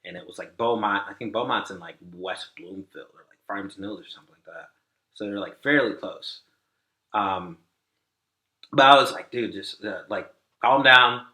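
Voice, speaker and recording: A man's voice: fairly low pitch, moderate pace, pushed and bright, reverberant, low-quality recording. A man guest on a podcast, telling a story casually, rambling with lots of "like" and acting out what people said. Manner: rambling, many "like" fillers, acts out quoted dialogue.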